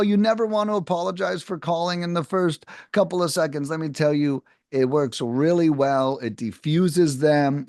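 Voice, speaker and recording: Lively man coaching cold callers. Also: medium pitch, dry recording, clean studio sound. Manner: animated, talks to viewers as guys, acts out sample phone lines. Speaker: cold calling sales trainer. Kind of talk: casual coaching lesson to camera.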